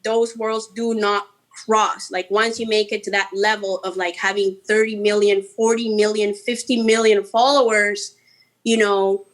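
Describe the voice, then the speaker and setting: A Colombian woman musician, a guest in a casual interview, talking in an animated, chatty way with playful, mocking asides. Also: mid-range voice, measured pace. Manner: animated and chatty, full of "like" and "you know".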